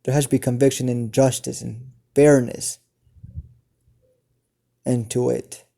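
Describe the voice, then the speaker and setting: A stern older brother lectures about justice and fairness, with a man acting him out. He speaks slowly in a dark, mellow tone. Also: mid-range voice, flat delivery, gravelly. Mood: lecturing. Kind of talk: fan story narration.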